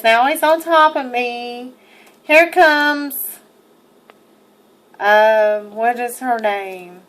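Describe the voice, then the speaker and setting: A woman's voice: high voice, fairly bright tone. A young woman giving an indignant, emphatic first-person account while narrating over video, swearing freely. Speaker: person narrating her own arrest footage.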